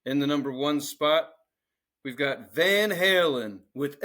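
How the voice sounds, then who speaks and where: A man's voice: fairly high pitch, takes it slowly, fairly bright tone. A man co-hosting a podcast in casual chat, joking crudely as he reads out a song list. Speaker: podcast co-host.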